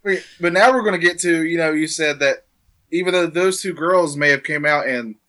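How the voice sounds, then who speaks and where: A man's voice: a little high, normal speed, pushed and bright. A man co-hosting a casual history podcast, explaining events in an earnest way.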